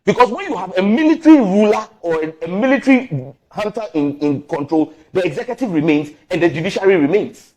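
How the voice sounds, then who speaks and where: A man's voice: high voice, brisk. A man from Ghana, a member of parliament, arguing his point insistently in a heated political debate. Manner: emphatic, insistent, animated.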